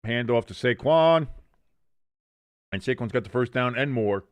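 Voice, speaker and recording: Male watch-along host, mid-pitched, dry close mic, jokey self-correcting play-by-play. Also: animated, a little slow, smooth, no echo. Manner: jokey, self-correcting, reads chat aloud. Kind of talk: live play-by-play commentary.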